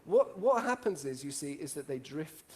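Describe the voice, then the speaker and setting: Here an animated, high-voiced man tells stories to a live audience at a moderate pace, cracking jokes and putting questions to the listeners. He comes from Italy and speaks Italian as his first language.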